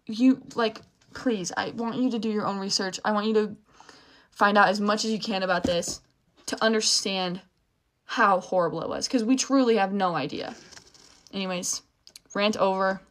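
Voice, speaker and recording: A woman's voice: medium pitch, moderate pace. A young woman in a casual vlog rant, heated and swearing, rambling with false starts and restarts.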